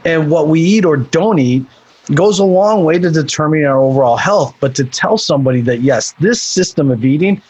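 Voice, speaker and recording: Man, nutrition coach, husky, slightly higher voice, earnest and restarting. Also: lively intonation, a little fast, a little mellow. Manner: earnest, repeats words when starting sentences. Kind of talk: casual podcast chat.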